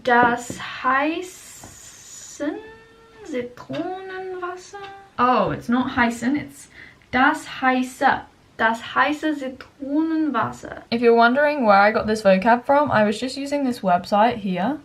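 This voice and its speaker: A woman's voice: fairly high pitch, moderate pace, hardly any pauses, low-quality recording. A young woman, chatting casually in a home vlog and sounding out German words as she corrects herself. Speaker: vlogger. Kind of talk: casual study vlog narration. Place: home bedroom, indoors.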